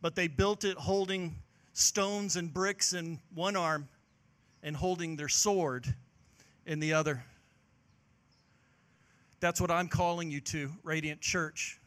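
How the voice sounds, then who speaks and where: A male pastor, preaching a passionate sermon that swings from loud exhortation to hushed, earnest moments. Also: a little high, fairly even intonation, takes it slowly, pauses often.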